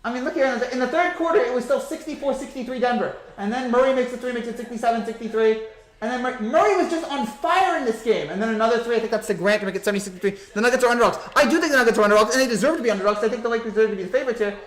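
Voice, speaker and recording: Hyped fast-talking young man. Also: very high-pitched. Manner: excited, rapid, hyped-up sports talk. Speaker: sports commentary host. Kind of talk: postgame reaction livestream.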